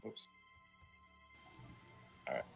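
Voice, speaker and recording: A man narrating a tabletop game as dungeon master, often laughing and pausing with fillers. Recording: soft music behind.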